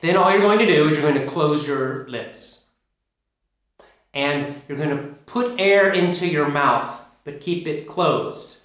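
A man teaching an English pronunciation lesson, drilling sounds and words slowly and emphatically. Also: on the high side, fairly bright tone. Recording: echoey room.

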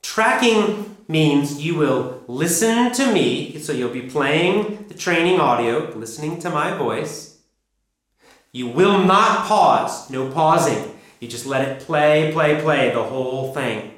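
A man giving an English pronunciation lesson, speaking emphatically and deliberately, repeating his key instructions. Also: a little high, expressive, fairly bright tone. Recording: very echoey room.

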